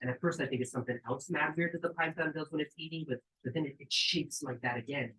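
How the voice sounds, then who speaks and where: A man rushes through his own story at a quick pace, reading it aloud in a cabin during a live event on a rough recording. He's animated and profane, using street slang, shouting quotes in high voices and going low and quiet to build suspense.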